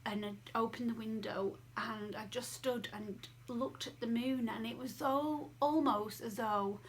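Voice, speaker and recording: A woman's voice: a little high, steady tone, unhurried, slight background noise. A woman talking casually to camera as a vlogger at home, chatty and rambling with many fillers. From England.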